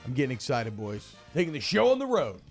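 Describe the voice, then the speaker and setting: A man hosting sports talk radio, chatty and energetic, with loose casual banter. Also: mid-range voice, fairly quick, soft background music.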